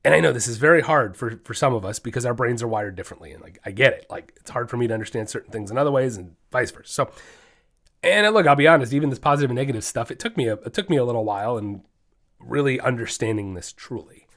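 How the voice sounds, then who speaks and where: A man's voice: medium pitch, expressive, quick pace, a bit bright. A man hosting his own dog training podcast, talking solo in an emphatic, fired-up way that often slides into ranting.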